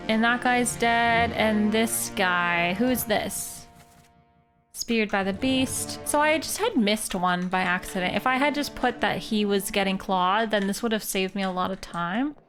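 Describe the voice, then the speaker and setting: A woman from Canada, a streamer, thinking aloud in casual, playful live game commentary. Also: mid-range voice.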